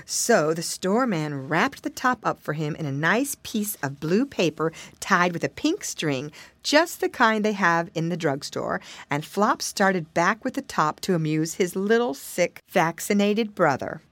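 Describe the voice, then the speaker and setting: A woman narrating a children's storybook in a playful, expressive manner. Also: lowish voice, unhurried, few pauses, dry recording. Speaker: audiobook reader.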